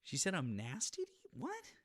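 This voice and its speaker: A man hosts a casual livestream, trading dry jokes with a co-host. His pitch moves a lot, and his voice has a bright, forward tone, recorded close and dry. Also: moderate pace, dry recording. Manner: dry, joking, lively.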